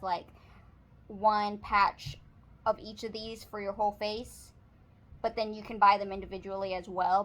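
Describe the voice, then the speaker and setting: A young woman with a Texan accent talks casually to her camera at home, rambling through a shopping haul and a funny story. Her voice sits at an ordinary middle pitch, and her talk is loose and chatty, full of "like" and "you know.". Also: bright, forceful tone. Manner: chatty, storytelling, says "like" often. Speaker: vlogger. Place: apartment, indoors.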